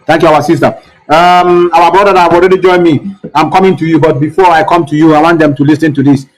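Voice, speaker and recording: A man's voice: a little high, steady tone, fast, low-quality recording. A man hosting a live online talk show, repeating himself and fussing as he tries to reach callers. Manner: repetitive, fussing over technical trouble. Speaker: host.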